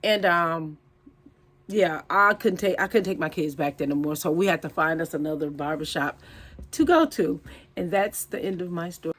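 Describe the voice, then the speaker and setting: A woman telling a casual storytime to her viewers, blunt, profane and animated. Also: on the low side, moderate pace.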